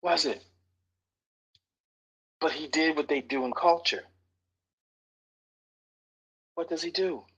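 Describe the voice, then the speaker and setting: A man leading a Bible study class, animated and teasing his listeners, sometimes dropping to a whisper for emphasis. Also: on the high side, unhurried, husky, muffled recording. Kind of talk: lively Bible study teaching.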